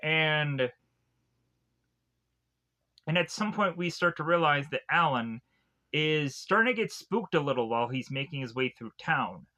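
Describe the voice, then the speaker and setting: Man, film reviewer, casual plot recap, rambling, filler-heavy, forceful bright tone. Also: fairly high pitch, lively intonation, unhurried, pauses often. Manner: rambling, heavy use of "like" and restarts.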